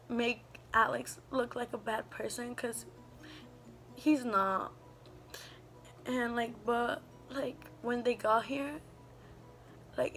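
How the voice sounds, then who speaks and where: A young woman in her teens telling a personal story in a halting, subdued way, full of fillers. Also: fairly high pitch, vocal fry, fairly bright tone, a little hiss or hum. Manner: halting, filler-heavy with many "like"s; subdued, emotional retelling. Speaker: vlogger. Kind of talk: storytime vlog.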